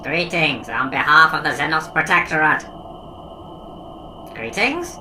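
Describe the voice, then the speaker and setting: A woman acts out a stiff, ceremonial alien envoy in an audio drama. The voice sounds far from the mic over clear background noise. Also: deep voice, animated, measured pace, bright, forceful tone, exaggerated voice. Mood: formal.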